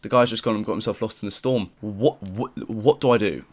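A young man giving excited live commentary over his gameplay, exclaiming and joking in slang. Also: on the low side, brisk, slight background noise. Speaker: gaming YouTuber.

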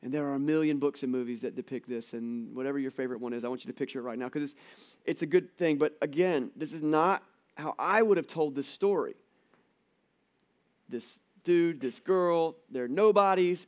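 A middle-aged man giving a conversational church sermon, telling the story with animated quoted voices. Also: fairly high pitch. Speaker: pastor. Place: church auditorium.

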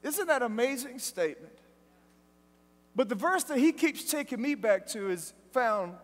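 A man preaching a sermon at a live event, telling stories in a lively, joking way. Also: very high-pitched, normal speed. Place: large event hall. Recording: long hall reverb from live event.

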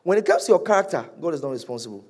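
Man preaching with loud and hushed swings. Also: on the high side, animated, racing, slightly rough. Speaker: pastor. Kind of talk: sermon.

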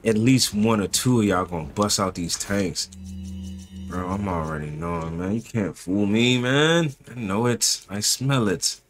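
A man giving casual, slangy gameplay commentary, talking to his viewers and swinging from low muttering to loud yelps. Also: lively intonation, unhurried, faint music behind. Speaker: gaming commentator.

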